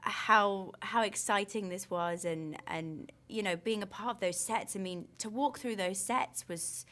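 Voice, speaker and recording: A woman's voice: mid-range voice, unhurried, fairly bright tone. A woman, an actress, answering questions in a film press interview with enthusiastic, gushing storytelling.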